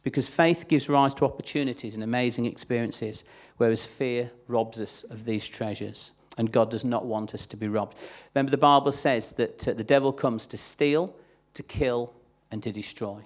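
Man, preacher, mid pitch, conversational sermon, acts out quoted lines. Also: normal speed.

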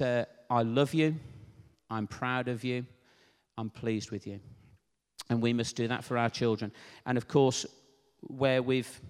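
A man giving a sermon in an earnest, unscripted way, pausing with fillers and restarting phrases. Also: mid-range voice. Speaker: preacher. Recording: long hall reverb.

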